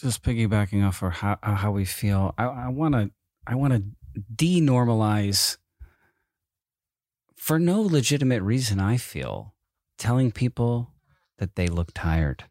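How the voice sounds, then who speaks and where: A man's voice: fairly low pitch, lively intonation, unhurried, pauses often, a little mellow, dry recording, clean studio sound. A man co-hosting a podcast from bed at home, rambling through exasperated rhetorical questions. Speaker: podcast co-host. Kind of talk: casual chat.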